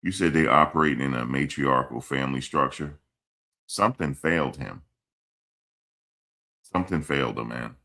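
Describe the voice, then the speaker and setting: A man hosts a casual live stream and answers chat comments. His voice sits extremely low and has a rough, gravelly fry. He talks bluntly and repeats himself as he scolds commenters. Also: moderate pace, long pauses, sharp tone. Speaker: livestream host reading chat. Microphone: streaming mic.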